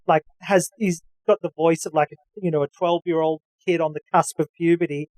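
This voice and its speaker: A man's voice: fairly high pitch, fairly even intonation, brisk, hardly any pauses, a little mellow, no echo, poor audio. A man hosting a podcast, chatting knowledgeably with lots of fillers and restarts. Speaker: podcast host. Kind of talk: casual chat.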